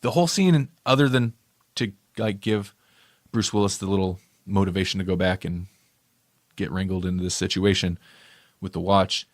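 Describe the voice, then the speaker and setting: Low-voiced man rambling through a movie review. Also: normal speed, no echo, studio quality. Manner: rambling, self-correcting. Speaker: podcast co-host. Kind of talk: casual movie review chat.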